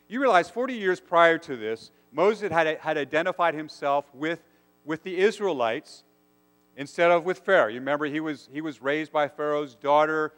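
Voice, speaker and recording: A man's voice: a little high, animated, moderate pace. A man preaching a sermon, earnest and asking his listeners questions. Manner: earnest, asks the congregation rhetorical questions. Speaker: pastor. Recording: long hall reverb.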